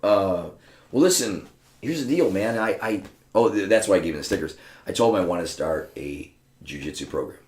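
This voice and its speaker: Low-voiced man telling stories in an echoey room. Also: a little fast. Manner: animated, profane, acts out quoted voices. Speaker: guest storyteller. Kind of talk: casual storytelling chat. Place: room with a small live audience.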